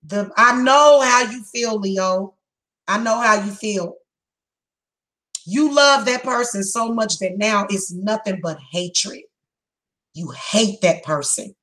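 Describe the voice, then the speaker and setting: A woman giving a psychic reading, speaking bluntly and emphatically, heated and repetitive, slowing down to stress her words. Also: mid-range voice, a bit bright, low-quality recording. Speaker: psychic reader. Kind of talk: tarot reading monologue.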